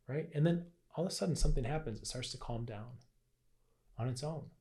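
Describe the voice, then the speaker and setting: Male wellness teacher, warm mellow tone, chatty delivery, keeps checking in with "right?", sometimes acts out inner voices. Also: mid-range voice, fairly quick, pauses often. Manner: conversational, keeps asking "right?". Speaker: health and Qigong teacher. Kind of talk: casual teaching talk to camera.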